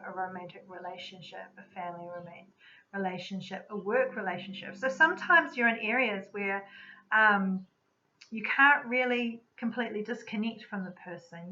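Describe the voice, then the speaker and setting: A woman who works as an energy medicine practitioner, giving a spoken teaching talk in a calm, reflective, unhurried way. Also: medium pitch. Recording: slightly dull lo-fi recording.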